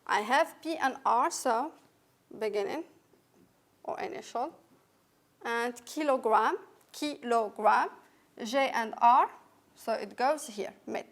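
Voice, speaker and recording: A woman with a high, light voice and a French accent walks students through English sounds. She is patient and careful, repeating each example word slowly and clearly. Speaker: English teacher. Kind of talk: recorded phonetics lesson.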